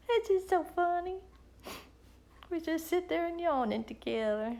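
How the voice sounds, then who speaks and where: A woman's voice: on the high side, lively intonation, moderate pace, darkish tone. A middle-aged woman, chatting casually and rambling with viewers on her live stream.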